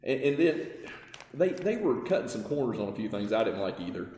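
A man telling lively business stories as a podcast guest, acting out the dialogue. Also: fairly low pitch, a little fast. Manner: animated storyteller, acts out dialogue, laughs often. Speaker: guest, parts company owner. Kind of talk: casual storytelling in a podcast interview. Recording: roomy with long reverb.

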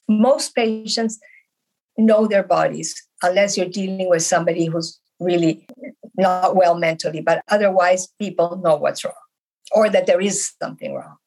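Husky-voiced woman telling her story earnestly. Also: medium pitch, fairly even intonation, moderate pace, a little mellow, rough recording. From Canada. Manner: earnest, emphatic storytelling with repeated words. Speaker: podcast guest. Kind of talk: conversational interview.

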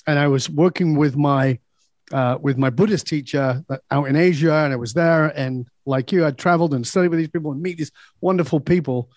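A blunt, emphatic man speaks candidly as a podcast guest, swearing without hesitation as he makes his points. His voice sits a little high for a man, and the sound is dry and close. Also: fairly quick, darkish tone, no echo. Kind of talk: candid personal storytelling.

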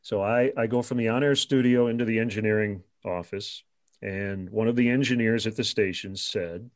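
A middle-aged man, a radio sportscaster, telling animated anecdotes in casual conversation, with laughing asides and filler pauses. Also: lowish voice. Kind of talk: casual storytelling.

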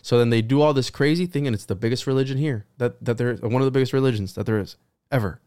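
A man's voice: medium pitch, fast talker, clear, resonant tone, no echo, clean studio sound. Profane, rambling man on a podcast. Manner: profane, rambling, animated storytelling. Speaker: podcast guest. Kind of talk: casual podcast chat.

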